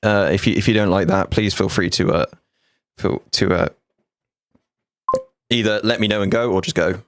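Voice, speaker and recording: Sweary ex-soldier streamer, low voice. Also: male voice, steady tone, normal speed, noisy background. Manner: frank, sweary, jokey banter. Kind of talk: casual livestream chat with viewers.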